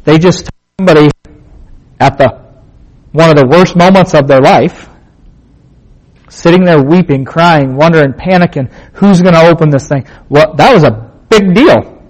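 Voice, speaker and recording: A man's voice: fairly high pitch, moderate pace, pauses often, low-quality recording. A man teaching a Bible passage in a casual sermon, asking rhetorical questions and repeating points for emphasis in plain, conversational words.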